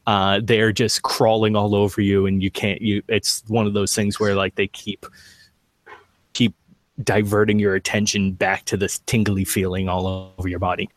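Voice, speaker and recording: A man with a lowish voice runs a tabletop game as its game master. He narrates in a halting way, full of fillers. The sound is dry and close. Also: flat delivery, dry recording.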